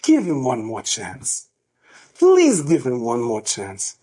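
A gentle, earnest young man, as a male storyteller puts him on, pleading in a slow, soft, lowered voice. He repeats his plea with quiet insistence. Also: wildly swooping pitch, slightly rough, full character voice.

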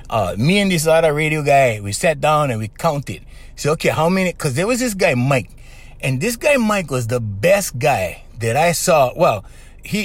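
A man's voice: fairly high pitch, slightly rough. A man, rambling casually as host and often laughing as he talks to listeners. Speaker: host, former radio voice performer.

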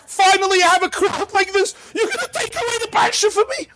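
A man's voice: very high voice, fast, background noise, voice pushed up. A man voicing an old synagogue Torah reader who pleads, near sobbing, to keep his reading. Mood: pleading. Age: older.

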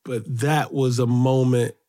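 A middle-aged man from Brooklyn, New York, a children's author and poet, is the guest in a storytelling interview. At a measured pace, he recounts childhood stories with animation, his pitch rising when he gets excited.

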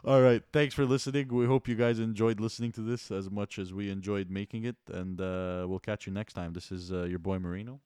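A man from Canada co-hosts a casual chat podcast, talking in a laid-back, easygoing way. His voice sits low, and the close microphone gives it a dry, intimate sound with no room around it. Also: level tone, fairly quick, hardly any pauses, dark tone, clean tone, dry recording. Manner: laid-back, argues his point with laughs. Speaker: podcast co-host.

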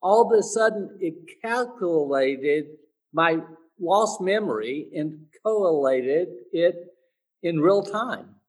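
A man being interviewed, earnest and motivational, halting and searching for words with restarts. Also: a little high, expressive, breathy edge, distant mic, poor audio. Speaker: interview guest, speaker and teacher. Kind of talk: sit-down interview.

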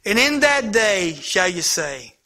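A man preaching a sermon with passion, shifting between loud, urgent lines and hushed, near-whispered ones. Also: high-pitched, very animated, slow. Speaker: pastor.

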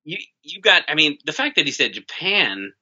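A man's voice: on the high side, big pitch swings, normal speed, bright, forceful tone, breathy edge. A man from New Jersey co-hosting a comedy podcast, riffing in casual banter and restarting his sentences. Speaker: podcast co-host. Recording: dull lo-fi podcast audio.

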